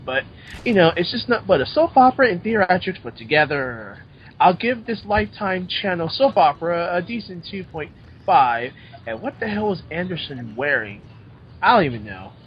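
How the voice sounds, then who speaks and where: A man's voice: sits high, big pitch swings, normal speed. A man co-hosting a casual wrestling review chat, speaking bluntly and cursing freely. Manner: blunt and profane. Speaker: co-host. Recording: dull lo-fi audio with faint noise.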